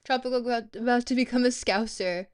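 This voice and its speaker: A young woman streaming a geography guessing game, rambling and playful, breaking into sudden excited squeals. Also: fairly high pitch, fast, smooth. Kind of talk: live-stream game commentary.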